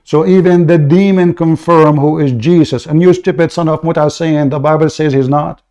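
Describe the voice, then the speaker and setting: A man's voice: a little high, fairly even intonation, moderate pace, warm tone. Mocking, interrupting male debate host. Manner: mocking, interrupting, repeats words. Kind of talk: heated live debate.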